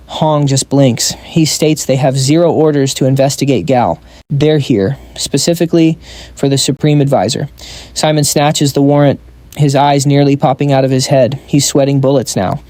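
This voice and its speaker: A man's voice: mid-range voice, steady tone, normal speed, warm tone, no room sound. A man narrating a comic story recap in a scripted style, dropping wry joking asides.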